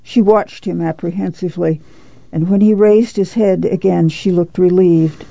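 Woman reading a novel, gravelly, dry dull sound. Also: fairly low pitch, fairly even intonation, moderate pace, dark tone, dry recording. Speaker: audiobook narrator. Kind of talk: scripted narration.

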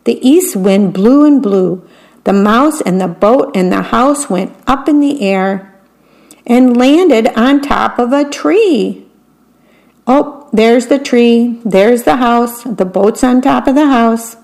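Slow, gentle woman reading bedtime stories. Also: fairly high pitch, rough recording. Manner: slow, gentle, lifts her voice for quoted lines. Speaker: volunteer radio reader of bedtime stories. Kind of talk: reading picture books aloud, describing the pictures.

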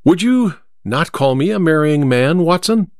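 A man's voice: on the high side, lively intonation, a little mellow, no room sound, studio quality, pitched above the performer's own voice. Holmes: a wry, resolute detective, read by a man. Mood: amused. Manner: crisp, amused, measured. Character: cool, confident male detective, wry and resolute. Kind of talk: audiobook reading.

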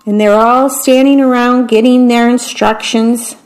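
A woman reads picture books aloud slowly and gently, pausing to describe what is on each page. Her voice sits a little high for a woman. Her delivery is unhurried. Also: fairly even intonation, rough recording. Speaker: storybook reader.

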